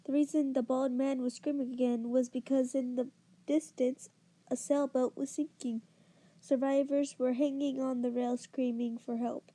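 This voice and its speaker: Soft-spoken woman reading a storybook. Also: sits high, little pitch movement, normal speed. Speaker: narrator. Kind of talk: audiobook reading of a short story.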